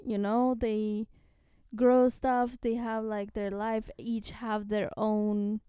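A woman co-hosts a casual podcast chat, her voice sitting a little high with a smooth, mellow tone. She talks slowly and loosely, with fillers along the way. The recording is close and dry. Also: flat delivery, no echo. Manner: chatty, with many fillers and little laughs. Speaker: podcast co-host. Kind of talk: casual chat about a comic series.

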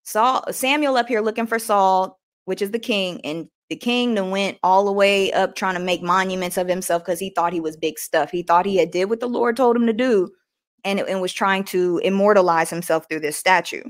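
A woman's voice: medium pitch, normal speed. Woman host reading scripture with restarts. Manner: reads aloud with frequent restarts and self-corrections; retells scripture scenes in plain everyday words. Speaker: podcast host. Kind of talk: devotional reading with casual commentary.

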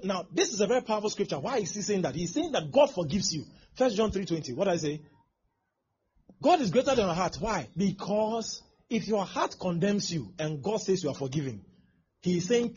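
A man's voice: high-pitched, big pitch swings, fairly quick, darkish tone, slightly rough. A male pastor preaching a sermon, acting out scenes with exclamations and laughter. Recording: dull lo-fi sound with faint background noise.

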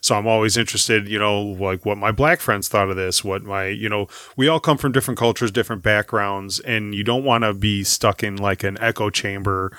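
A man's voice: lowish voice, steady tone, a little fast, few pauses, pushed and bright, no room sound. A man guesting on a podcast, talking earnestly in casual chat and repeating words as he goes.

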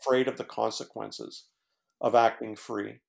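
Gravelly-voiced man telling his story. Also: fairly low pitch, level tone. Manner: earnest, halting, many fillers and restarts. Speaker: guest, former pastor. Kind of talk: casual storytelling in conversation.

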